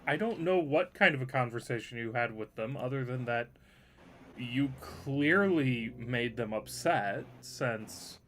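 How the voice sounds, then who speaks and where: A man running a tabletop game, his pitch swinging up and down as he narrates. His voice is middling in height, and a steady hiss of noise sits under the recording. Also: a little slow. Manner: laughing, animated table talk. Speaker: game master.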